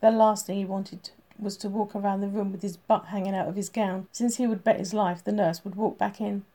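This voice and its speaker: A woman narrating a crime novel as an audiobook, with steady, even storytelling. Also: medium pitch, brisk.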